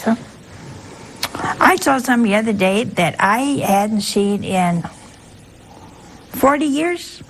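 A woman's voice: a little high, slight background noise, low-quality recording. An older woman, a nun, giving a folksy sermon full of rhetorical questions and asides to her listeners. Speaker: nun preaching a talk.

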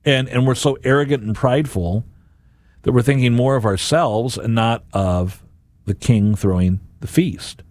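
A man's voice: medium pitch, a little slow, dry recording. A man hosting a Catholic radio and podcast show, giving a homily-like reflection and acting out imagined voices. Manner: animated, acts out imagined voices.

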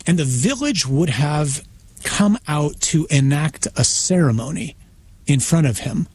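A man, a priest guest on a radio interview, retelling a story in a conversational, animated way. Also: on the high side, unhurried, husky. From United States. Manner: conversational, acts out voices in his retelling, frequent restarts.

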